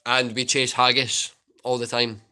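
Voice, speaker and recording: A young Scottish man hosts a relaxed livestream, trading jokes and answering viewers in an easygoing, talkative way. His voice is bright and forceful at a middle pitch. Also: a little slow, smooth, soft background music. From Scotland. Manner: joking, chatty, reads and answers viewer comments. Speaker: livestream host answering chat. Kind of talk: casual livestream Q&A.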